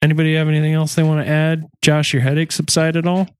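A Midwestern man runs through the show's plugs in a loose, joking podcast chat. His voice sits a little high for a man. The sound is dry and close. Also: little pitch movement, quick pace, smooth, no room sound. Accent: American Midwestern. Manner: rambling, joking. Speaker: podcast host.

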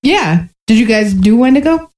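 A woman's voice: fairly high pitch, expressive, moderate pace, a little mellow. A woman co-hosting a comedy podcast, playing a polite bartender in a playful improv. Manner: playful, laughing, hospitable bartender bit. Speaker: podcast co-host. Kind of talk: casual chat and improv.

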